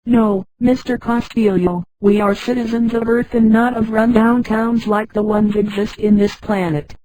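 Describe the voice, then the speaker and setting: A computer-voiced woman reading the lines of a weary male ex-officer, in a flat delivery. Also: a little high, normal speed, dry recording, lightly acted, rough recording.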